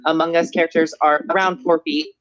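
A woman's voice: low voice, flat delivery, fairly quick, no echo, dull audio. A teenage girl chatting casually with friends on a call and teasing them with short remarks. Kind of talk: casual chat.

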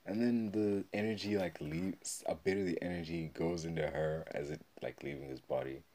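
A man hosting a solo podcast, rambling and swearing as he excitedly retells old video game memories. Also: deep voice, normal speed. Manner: rambling, profane, excited storytelling. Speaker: podcast host. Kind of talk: casual solo podcast talk.

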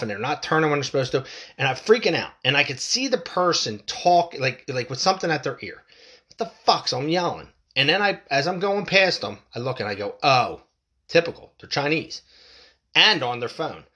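A man's voice: medium pitch, sharp tone. A middle-aged man hosting a podcast alone, ranting bluntly and profanely, rambling and restarting his sentences. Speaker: podcast host. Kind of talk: casual solo podcast rant.

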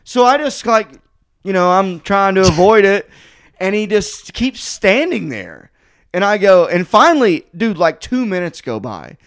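A podcast host tells a story in casual chat, animated and swearing, peppering it with "like" as he acts out what people said. His voice sits high, and his pace is measured.

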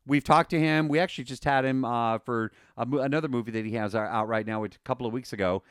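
A man co-hosting a podcast, talking casually and excitedly with many fillers and restarts. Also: mid-range voice, fast talker, few pauses, clear, resonant tone, no echo, studio quality. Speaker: podcast co-host.

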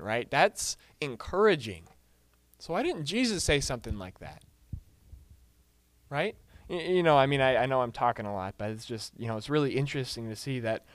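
A man's voice: mid-range voice, no room sound. A man leading a casual group book discussion, full of fillers and restarts, putting questions to the group.

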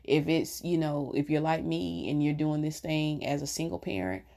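Woman, low voice, middle-aged, chatty, storytelling vlog. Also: lively intonation, moderate pace. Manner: chatty, warm storytelling with laughs. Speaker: vlogger. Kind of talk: casual chat to viewers.

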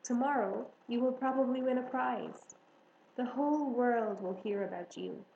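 A woman voicing a wise, caring female spider who speaks calmly and soothingly. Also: on the high side, normal speed, gravelly, muffled recording, a little hiss or hum. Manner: calm, soothing. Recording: roomy echo.

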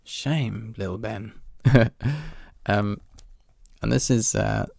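Talking extremely slowly, a man with a fairly low, steady, gravelly voice and a darkish tone muses casually and candidly, poking fun at himself, cursing occasionally, and laughing at his own expense. The studio sound is clean, without echo.

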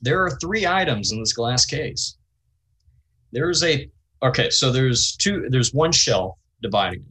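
A man narrating a tabletop game as the game master, describing a scene slowly and with frequent ums. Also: mid-range voice, expressive, bright, forceful tone, slightly rough, poor audio.

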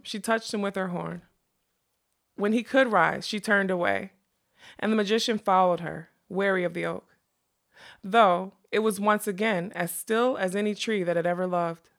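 Gravelly-voiced woman narrating a fantasy novel. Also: mid-range voice. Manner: measured, expressive storytelling. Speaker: audiobook narrator.

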